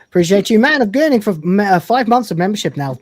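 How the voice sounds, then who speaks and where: A man's voice: sits high, animated, quick pace, no room sound. A man co-hosting a live stream, reading out viewer messages in a jokey, laughing manner. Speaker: livestream co-host reading donations. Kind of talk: casual chat.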